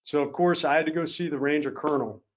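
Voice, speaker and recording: A man's voice: fairly high pitch, quick pace. Earnest man telling a story. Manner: earnest, acts out quoted officers. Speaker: keynote speaker. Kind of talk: motivational storytelling talk. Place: event hall. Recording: slightly dull lo-fi sound.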